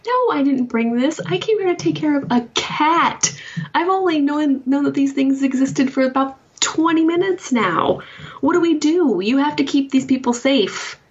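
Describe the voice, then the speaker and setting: A woman's voice: animated, normal speed. A woman playing a determined young newcomer. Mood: alarmed. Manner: pleading, high and insistent. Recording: dull lo-fi sound.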